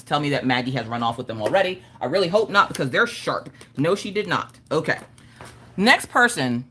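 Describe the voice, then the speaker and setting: A middle-aged woman hosting a craft livestream, chatting casually and reading out viewer comments. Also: slightly rough. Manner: animated, swinging between squeals and low mutters.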